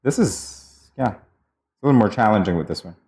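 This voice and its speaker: A man's voice: lowish voice, animated, moderate pace, mellow. A man co-hosting a morning show, chatting casually and chuckling easily during a game segment. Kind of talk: casual studio banter.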